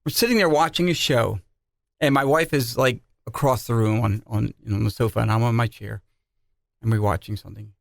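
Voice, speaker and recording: A middle-aged man co-hosting a podcast, chatting casually and telling animated, jokey stories. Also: mid-range voice, brisk, gravelly, dry recording, studio quality. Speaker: podcast co-host. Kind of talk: casual chat.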